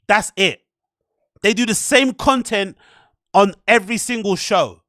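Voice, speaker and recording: A man rants through his commentary, swearing freely and firing off sarcastic rhetorical questions. His voice is high and bright, and it sounds dry and close to the mic. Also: a little slow, long pauses, no room sound. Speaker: host. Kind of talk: ranting commentary on clips.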